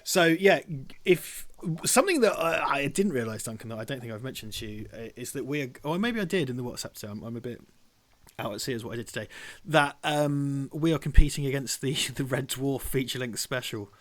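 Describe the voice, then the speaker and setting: A man's voice: mid-range voice, animated, brisk, a bit bright. A man in his thirties hosting a live watch-party stream, chatty and self-deprecating. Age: 30s. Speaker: stream host. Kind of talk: casual live-stream chat.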